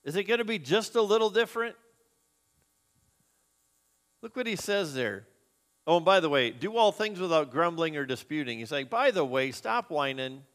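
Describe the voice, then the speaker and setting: A man's voice: a little high, expressive, moderate pace, long pauses, a bit bright. A man preaching a sermon as a pastor, earnest and conversational, asking the congregation questions. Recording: long hall reverb.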